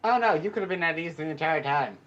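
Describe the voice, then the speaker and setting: A man's voice: fairly high pitch, expressive, quick pace, fairly bright tone, muffled recording. A man playing a tabletop game, speaking in a commanding way in character. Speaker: player. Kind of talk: tabletop role-play.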